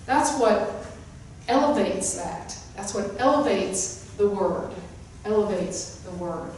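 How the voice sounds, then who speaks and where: In a spiritual center's hall, a female spiritual teacher preaches slowly and animatedly, hammering home repeated key phrases. Her mid-range voice has a darkish tone, picked up by a distant mic in an echoey space with a little hiss or hum.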